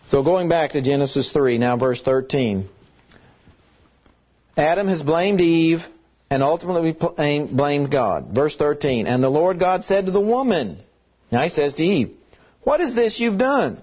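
A man delivers a Sunday-evening-style sermon with a slightly high voice. He leans hard on single words and repeats them for emphasis, and the recording sounds dull and lo-fi. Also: lively intonation, measured pace, pauses often, slightly rough. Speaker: pastor.

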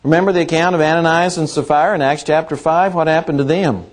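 A man preaching a sermon in a church, his voice sitting a little higher than most men's. He poses question after question to the congregation and slows right down to lean on the words that matter. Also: steady tone. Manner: slow deliberate emphasis on key words, rhetorical questions.

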